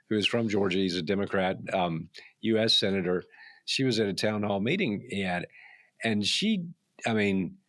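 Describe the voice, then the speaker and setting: A man's voice: on the low side, a bit bright, no room sound. A man hosting a podcast, chatty and friendly, telling stories with restarts. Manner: friendly, rambling with restarts and laughs. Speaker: podcast host. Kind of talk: casual conversation.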